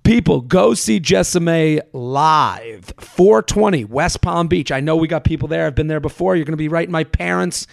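A man hosting a podcast in casual, fast, profane chat that mocks himself. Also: a little high, gravelly, no echo, studio quality. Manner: fast-talking, profane, self-mocking. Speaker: podcast host.

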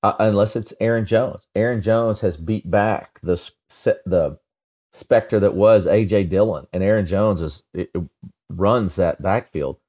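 A man with a very low voice weighs in on a sports podcast. He stumbles and repeats words as he starts each point, then states his opinion bluntly. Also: unhurried, warm tone. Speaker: podcast co-host. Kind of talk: casual sports podcast chat.

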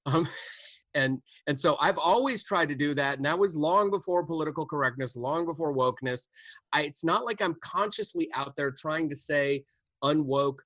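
A man's voice: on the high side, normal speed, a bit bright, no room sound, lo-fi sound. An older man from the United States, a stand-up comedian speaking bluntly and unapologetically as an interview guest, chuckling through his points. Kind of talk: casual interview chat.

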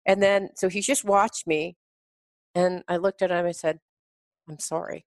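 A woman guest on a podcast, telling a personal story in an animated way and laughing often. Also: on the low side, moderate pace, dry recording. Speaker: radio host and podcast guest. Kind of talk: conversational storytelling.

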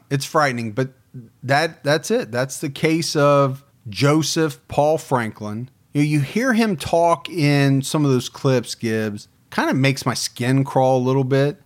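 A man co-hosting a true crime podcast in casual, teasing chat. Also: medium pitch. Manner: chatty, teasing. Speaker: podcast co-host.

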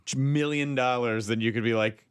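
A man's voice: mid-range voice, steady tone, moderate pace, smooth. A man riffing playfully in comedic podcast banter, improvising bits.

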